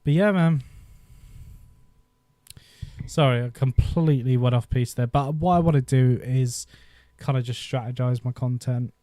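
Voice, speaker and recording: A man in his thirties hosts a casual live stream, rambling through old memories with frequent laughter. His voice is mellow and dark-toned, and the recording sounds dry and close. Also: medium pitch, unhurried, no room sound. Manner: rambling, nostalgic, laughs often. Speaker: YouTube host. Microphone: desk microphone.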